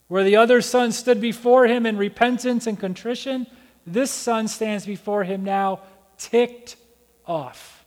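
A male pastor delivers a sermon in a high, animated voice. He slips into the characters' voices as he tells the story. The sound carries the long reverb of a church hall. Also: a little slow. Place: church sanctuary.

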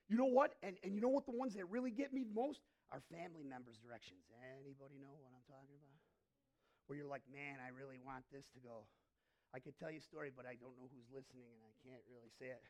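A male pastor delivers a sermon in a gravelly voice with a husky edge. He keeps turning to the congregation with questions. He drops to a hush, then presses a point hard. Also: sits high. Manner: preaching with frequent questions to the congregation; swings between hushed and emphatic.

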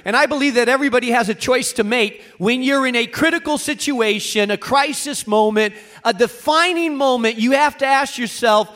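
Man, pastor, sermon, high voice, earnest, emphatic. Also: normal speed, few pauses, bright, forceful tone. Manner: earnest preaching, rising to emphatic peaks.

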